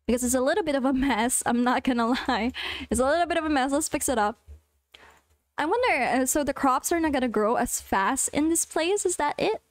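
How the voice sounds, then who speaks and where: A young woman streaming a farming game, chatting casually with her viewers and squealing with excitement. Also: sits high, a little fast, no room sound.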